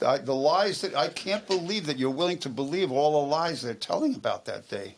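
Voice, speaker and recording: A man's voice: on the high side, animated, fairly quick, slight background noise. A man who is a guest on a local TV talk show, telling stories in casual chat and turning insistent and heated when he argues. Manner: storytelling, gets heated and insistent when arguing. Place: local TV studio.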